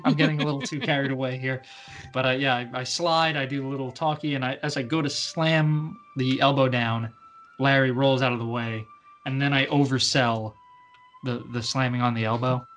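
A man's voice: medium pitch, fairly even intonation, fairly bright tone, soft background music. A man playing a tabletop game, talking casually, laughing and stumbling over his words. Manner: laughing, halting, restarts often. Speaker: player.

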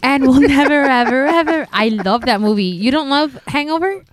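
A woman's voice: high voice, lively intonation, moderate pace, a little hiss or hum. A woman co-hosting a casual podcast, teasing her friends and laughing often. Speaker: podcast co-host.

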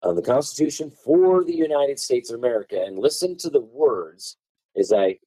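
A man's voice: mid-range voice, expressive, moderate pace, warm tone, breathy edge, no echo, poor audio. A man explaining law as a podcast guest, reading passages aloud and hammering key words with strong emphasis.

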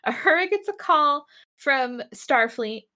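A woman's voice: sits high, lively intonation, a little slow, bright, forceful tone. A woman casually recapping a TV episode as a podcast co-host, telling it animatedly with acted quotes.

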